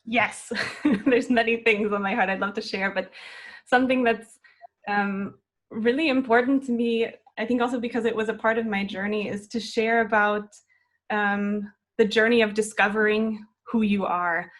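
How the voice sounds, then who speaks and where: A woman's voice: medium pitch, fairly even intonation, normal speed. A woman in her twenties, a flute student, speaking earnestly and encouragingly in a reflective interview conversation.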